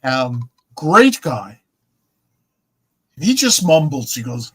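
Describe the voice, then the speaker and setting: A man's voice: medium pitch, very animated, drawn-out words, a bit bright, husky, rough recording. A man in his seventies, a podcast host telling a long rambling anecdote in casual chat, with repeats and restarts. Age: 70s.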